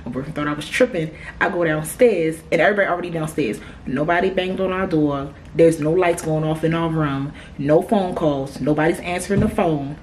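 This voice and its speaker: A woman's voice: sits low, fairly quick, hardly any pauses, a little hiss or hum. Exasperated young woman vlogging on her phone. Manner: animated, exasperated, swears freely. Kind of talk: casual vlog chat. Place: hotel room at night.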